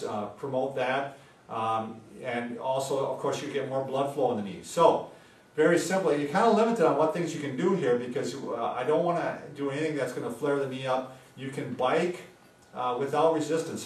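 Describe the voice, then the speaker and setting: A man talks through knee exercises like a physical therapist, relaxed and conversational, dropping in plenty of filler words. His voice sits at an ordinary middle pitch. The room is echoey and he is a little way from the mic. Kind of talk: casual instructional talk. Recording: roomy sound, mic at a distance.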